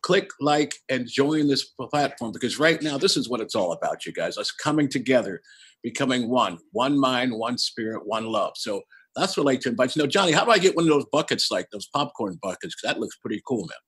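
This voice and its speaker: A man's voice: medium pitch, lively intonation, fairly quick, fairly bright tone, breathy edge. A man co-hosting an online conference in casual chat, eager and encouraging, affirming what the host says.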